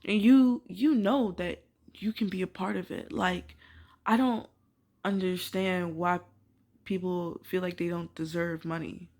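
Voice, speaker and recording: A young woman ranting casually to camera, filling her talk with "like" and swearing, swinging from quiet musing to loud disbelief. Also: fairly low pitch, fairly even intonation, measured pace. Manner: emphatic, swears, many filler "like"s. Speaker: vlogger.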